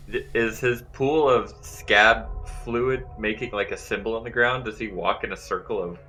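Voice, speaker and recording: A man with a lowish voice plays in a tabletop game, asking quick questions and answering with dry one-word replies. Faint music runs underneath. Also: fairly even intonation, bright, forceful tone, poor audio. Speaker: player. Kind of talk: casual tabletop play.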